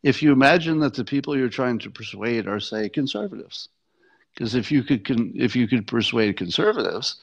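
A man's voice: medium pitch, very animated, moderate pace, creaky, husky, lo-fi sound. A man hosting a solo commentary show, talking in a conversational, wry way with frequent restarts and short laughs.

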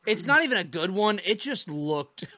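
A man hosting a casual chat, recapping with excitement and lots of swearing. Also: high-pitched, moderate pace, dry recording. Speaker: podcast host.

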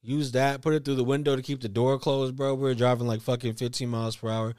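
A man's voice: medium pitch, level tone, fast talker, darkish tone, smooth, dry recording, studio quality. A man telling rambling, profane stories in casual podcast chat. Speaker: podcast co-host.

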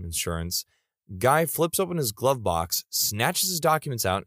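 A man's voice: lowish voice, a bit bright, no room sound, studio quality. A man narrating reader stories in a comedic style, with playful asides.

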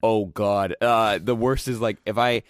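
A man's voice: fairly low pitch, fairly even intonation, measured pace, smooth, no room sound, studio quality. A young man hosting a casual podcast, telling a rambling story full of "like" and acting out his own quotes. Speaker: podcast host.

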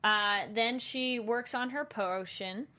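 A woman co-hosting a casual chat about a TV episode, talking it through and acting out quick reactions. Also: a little high, bright, forceful tone. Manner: chatty, acts out reactions in quoted asides. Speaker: podcast co-host.

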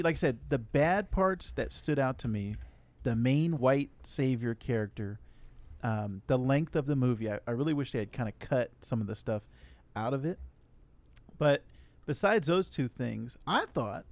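A man co-hosting a casual podcast, talking through a movie and acting out characters' lines in quick asides. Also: medium pitch, no room sound. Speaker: podcast co-host. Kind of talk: casual movie review chat.

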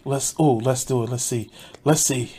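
A man's voice: medium pitch, fairly even intonation, normal speed, warm tone. A man streaming a reaction to a video, mocking it with heavy swearing and frequent laughter. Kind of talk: profane live reaction commentary.

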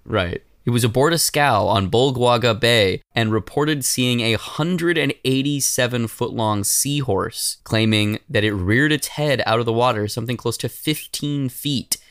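A man's voice: medium pitch, unhurried, hardly any pauses, fairly bright tone, no room sound, studio quality. A man hosting a podcast who reads history notes and breaks into jokey banter. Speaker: podcast host. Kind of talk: casual podcast storytelling.

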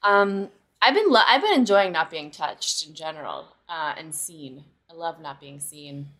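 A woman's voice: low-pitched, lively intonation, unhurried, fairly bright tone. Wry, teasing woman podcast host. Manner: wry, teasing, crude jokes. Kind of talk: casual comedic chat.

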